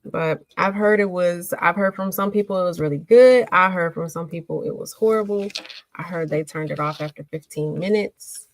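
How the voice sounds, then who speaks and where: A woman's voice: on the low side, moderate pace, no echo, low-quality recording. Chatty woman hosting a livestream. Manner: chatty, reads and answers viewer comments. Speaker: livestream host. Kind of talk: casual livestream chat.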